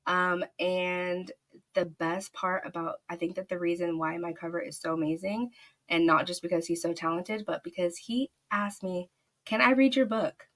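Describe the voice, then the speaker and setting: A woman's voice: lowish voice, little pitch movement, normal speed, a bit bright. A woman author telling a long story in a casual podcast interview, gushing and rambling with many fillers. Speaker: author guest.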